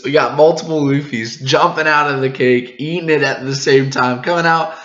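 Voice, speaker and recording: A man hosting a manga reaction video, recapping the chapter in a casual, excited way, laughing often and tripping over his words when he gets hyped. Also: mid-range voice, moderate pace, hardly any pauses, echoey room, highs cut off. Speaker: manga reaction channel host.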